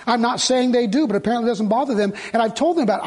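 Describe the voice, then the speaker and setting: Husky high-voiced male preacher. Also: racing, few pauses. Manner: conversational preaching, quoting people in lively asides. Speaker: pastor. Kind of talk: sermon.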